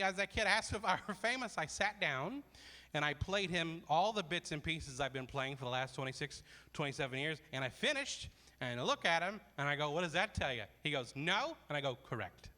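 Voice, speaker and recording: Lively self-deprecating comedian in his forties. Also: high-pitched, brisk, in a large hall. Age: 40s. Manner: self-deprecating, rambling asides. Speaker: comedian hosting a charity fundraiser. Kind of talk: stand-up comedy.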